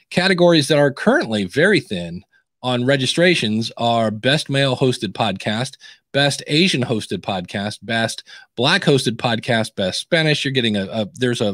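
A man's voice: mid-range voice, no room sound. Chatty guy hosting a podcast advice show, keeps restarting sentences, dead dry sound. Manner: animated, chatty, many restarts. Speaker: podcast coach and host. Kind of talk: casual podcast advice chat.

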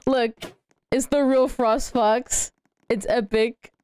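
A young woman in her late teens with a girlish, childlike voice, chatting excitedly and giggling as she streams a game and thanks donors. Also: a little high, takes it slowly, clear, resonant tone, no room sound, clean studio sound. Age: young adult. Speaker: live streamer. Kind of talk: casual livestream gaming chatter.

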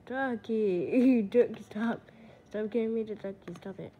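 A woman's voice: a little high, measured pace, warm tone, slight background noise. A woman giving silly, playful game commentary, giggling and repeating herself. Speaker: gaming channel host.

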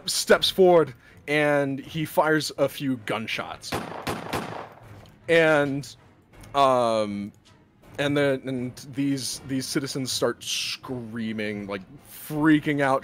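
Here a game master narrates a tabletop session with lively, animated energy, leaping into loud high-pitched voices for the townsfolk.

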